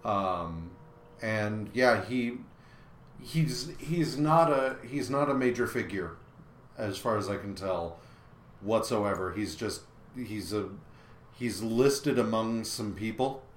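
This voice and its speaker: A man co-hosting a casual comic book podcast, recapping issues in a halting way with many filler pauses. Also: on the low side, expressive, echoey room, a little hiss or hum.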